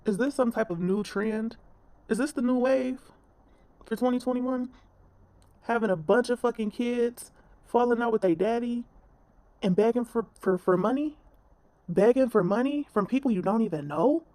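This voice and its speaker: A woman's voice: a little high, moderate pace, pauses often, dark tone, no echo. A woman commentator ranting bluntly in a reaction video, scolding and swearing.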